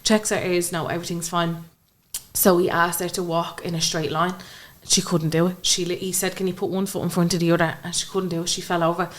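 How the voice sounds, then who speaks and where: A young woman with an Irish accent speaks a little fast in a lowish, level voice. She's a podcast guest telling an emotional personal story in conversation, acting out the dialogue she quotes.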